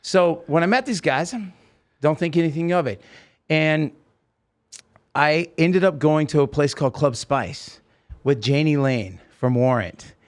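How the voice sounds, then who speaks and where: This is a man hosting a podcast in a loose, casual chat. He tells his stories in a rambling, animated way, starting over often and piling up asides. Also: fairly high pitch, a little slow. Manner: rambling, animated storyteller with many restarts. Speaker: podcast host.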